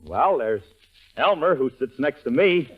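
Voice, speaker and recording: A brash wisecracking radio husband. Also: male voice, fairly high pitch, animated, a little slow. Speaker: sitcom husband and bandleader. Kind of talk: 1940s radio sitcom acting. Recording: tinny lo-fi old radio broadcast with hiss.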